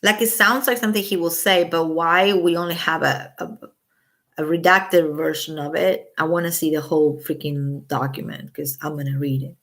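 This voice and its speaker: Blunt mother on a livestream, lower voice, outspoken and profane. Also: moderate pace. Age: adult with children. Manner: blunt, swears freely, animated opinions. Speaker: livestream host. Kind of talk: casual livestream chat.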